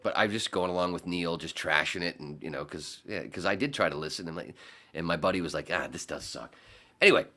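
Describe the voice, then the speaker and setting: A man telling stories as a podcast guest in casual chat, animated and profane. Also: deep voice, fast.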